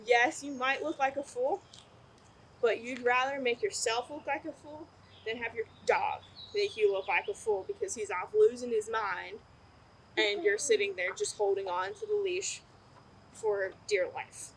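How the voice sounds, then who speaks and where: Woman dog trainer, high lively voice, upbeat instructional delivery, faint outdoor noise. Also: a little slow, creaky, rough recording. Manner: upbeat, explanatory, bursts into excited praise for the dog. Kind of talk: instructional video.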